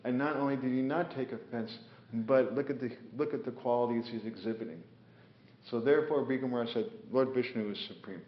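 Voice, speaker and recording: A spiritual teacher with a mid-range voice talks fairly quickly while teaching scripture, unhurriedly spinning stories, filling them with fillers, and voicing each figure. The recording is dull and lo-fi, made in an echoey room.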